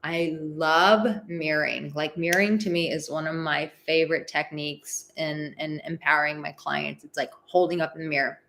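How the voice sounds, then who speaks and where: A woman's voice: sits low, fairly even intonation, moderate pace, vocal fry, hardly any pauses, a bit bright. A woman hosting a live advice talk, chatting casually with many "like" fillers and acting out example phrases. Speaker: relationship advice host.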